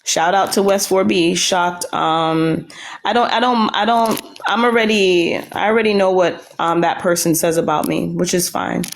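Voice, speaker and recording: A woman's voice: fairly low pitch, moderate pace, creaky, echoey room. A woman hosting a casual livestream chat, blunt and swearing freely, rambling with restarts. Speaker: livestream host.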